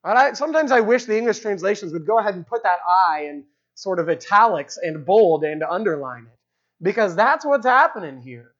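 A brisk, fairly bright, medium-pitched voice with lively intonation carries this expository sermon. The preacher explains the text's original language and keeps repeating key phrases for emphasis, heard through dull lo-fi audio.

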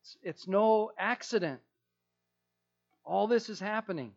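A male pastor preaching with emphasis, returning again and again to his key phrases. His voice sits fairly high. The recording sounds dull and lo-fi. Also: unhurried, creaky, soft background music. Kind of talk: sermon.

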